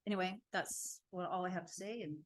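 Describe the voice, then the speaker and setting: A woman giving a public comment at a city council meeting, telling an animated, indignant story. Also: lowish voice, a little fast.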